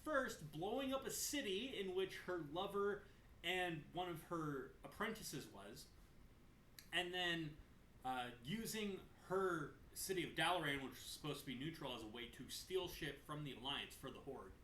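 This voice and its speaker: Animated man recapping game lore. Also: on the high side, normal speed. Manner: animated, swears, digresses. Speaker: gaming lore video host. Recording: roomy echo, faint room noise.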